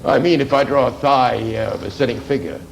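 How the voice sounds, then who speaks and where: A man giving an art anatomy lecture while drawing, halting with many "you see" asides and dry remarks to the class. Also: mid-range voice, creaky, noisy background.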